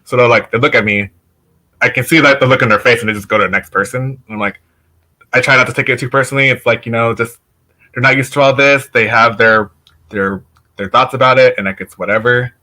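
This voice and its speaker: A man with a bright, forceful voice at an ordinary pitch speaks as a guest on a casual show. He tells his stories in a loose, rambling way, full of "like" and restarts. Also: steady tone, fast. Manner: chatty, lots of "like", laughs while telling stories. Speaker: podcast guest. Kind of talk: casual conversation.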